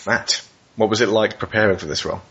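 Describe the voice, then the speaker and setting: A man hosting a casual podcast interview, relaxed and heavy on fillers. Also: lowish voice, quick pace, highs cut off. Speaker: podcast host.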